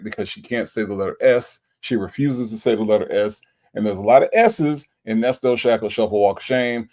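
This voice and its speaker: A man's voice: fairly low pitch, creaky, darkish tone. A laid-back man from Florida, hosting a casual livestream chat and reading out viewer comments. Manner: laid-back, chatty, repeats himself, playful. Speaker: livestream host.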